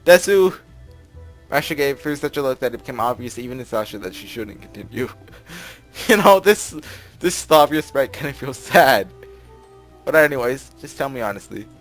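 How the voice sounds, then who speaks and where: A man's voice: mid-range voice, animated, moderate pace, a bit bright, soft background music. A young man reading a visual novel aloud and commenting on it, rambling, with lots of filler words and laughs. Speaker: let's play narrator.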